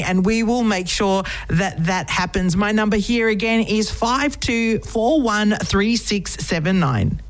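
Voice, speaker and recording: A woman's voice: mid-range voice, unhurried, few pauses. A woman hosting a radio show, asking encouraging questions and affirming her guest. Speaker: radio host. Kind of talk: casual radio interview.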